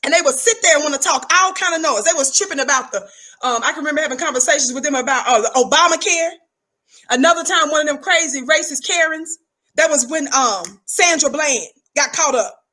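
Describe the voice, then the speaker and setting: A woman's voice: high-pitched, brisk, sharp tone. A middle-aged woman, talking in an emphatic, preachy livestream monologue and repeating words for effect. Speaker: livestream commentator.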